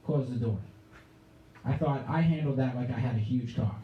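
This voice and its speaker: A man's voice: mid-range voice, normal speed, echoey room, highs cut off. A man in his twenties from the Pittsburgh area performing a sarcastic, ranting stand-up set. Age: 20s. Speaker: stand-up comedian. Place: comedy club stage.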